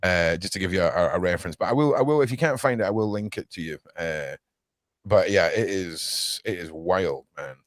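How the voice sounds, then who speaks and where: Scottish man, podcast guest, low voice, dry recording, loose rambling talk. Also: a little fast, no room sound. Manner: relaxed storytelling, repeats words. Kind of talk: casual chat.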